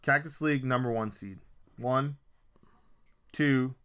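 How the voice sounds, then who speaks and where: A man with a bright, forceful voice chats about sports with a buddy, loose and excitable. He swears casually and fires off team names in quick bursts, his voice pitched right in the middle. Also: clean tone.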